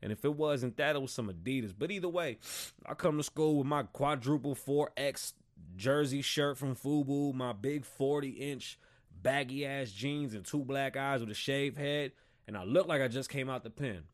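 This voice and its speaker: A man in his thirties hosting a casual monologue, telling stories in a profane, animated and rambling way. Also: mid-range voice, normal speed. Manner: rambling, digressive. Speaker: podcast host.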